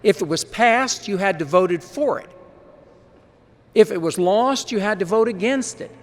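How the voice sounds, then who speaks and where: A man who serves as parliamentarian, briefing a large assembly on procedure in a folksy, quick way with chatty asides. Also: high-pitched, a bit bright. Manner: folksy, quick-talking, explains rules with asides. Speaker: parliamentarian advising delegates. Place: large conference hall.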